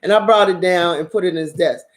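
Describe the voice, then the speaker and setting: A woman host casually telling a story in a blunt, profane, animated way, with frequent laughter. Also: on the low side, quick pace. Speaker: drama channel host.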